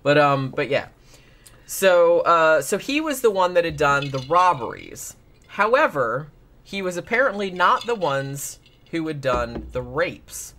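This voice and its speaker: A man's voice: a little high, big pitch swings, measured pace, bright, forceful tone. A man hosting a casual true-crime podcast, rambling with lots of "like" and restarts. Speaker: podcast host.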